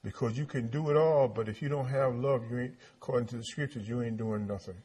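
Guy preaching, husky voice, keeps repeating lines and asking if folks are with him. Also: medium pitch, fast, mellow. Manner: repetitive call-and-response preaching with rhetorical questions. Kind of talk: sermon.

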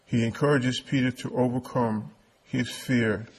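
A man's voice: mid-range voice, fairly even intonation, a little slow, slight background noise. A man preaching a sermon, reading scripture and often stammering and repeating his words. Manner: repetitive, stammering delivery; quotes King James scripture.

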